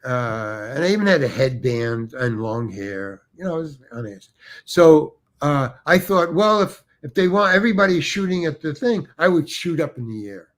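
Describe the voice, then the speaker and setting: A man's voice: on the high side, lively intonation, normal speed. An older man, a guest actor, telling rambling anecdotes with restarts and acted-out quotes. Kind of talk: anecdotal storytelling.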